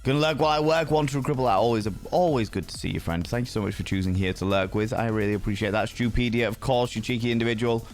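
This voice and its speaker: A man's voice: medium pitch, fairly even intonation, quick pace, hardly any pauses, faint music behind. A man hosting a livestream, chatting casually with viewers in a playful, cheeky way with some swearing. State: sleepy. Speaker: livestream host.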